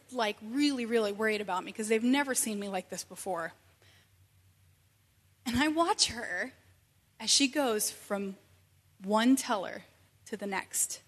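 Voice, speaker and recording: A woman in her thirties telling a personal story in an animated, conversational way, with many asides. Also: mid-range voice. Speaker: speaker sharing a personal testimony. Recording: long reverb from a hall.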